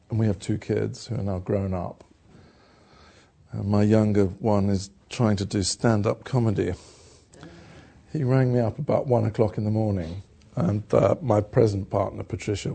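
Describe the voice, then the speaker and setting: An older British man, an actor from England, telling rambling, self-deprecating stories in a relaxed conversation. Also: lowish voice, normal speed, creaky, husky. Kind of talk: conversational storytelling.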